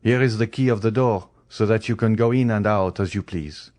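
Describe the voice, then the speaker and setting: A stern magistrate and grieving father speaks formally and wearily, voiced by a man narrator. The voice is low. The sound is dry and close. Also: moderate pace, a little mellow, dry recording, lightly acted.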